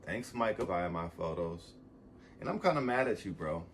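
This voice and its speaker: A man vlogging a casual motivational monologue, rambling and swearing, swinging from loud bursts to soft asides as he gets emotional and close to tears. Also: low-pitched, animated, normal speed, a little hiss or hum.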